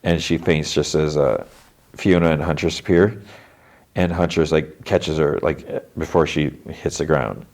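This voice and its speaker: A man's voice: a bass voice, a little slow, gravelly, darkish tone. A man hosting a podcast, recapping a cartoon episode in a casual, rambling way with lots of filler words. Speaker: podcast host.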